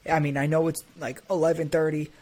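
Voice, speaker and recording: A podcast co-host in casual chat, talking crudely and getting excited while riffing. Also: medium pitch, a little fast, slight background noise.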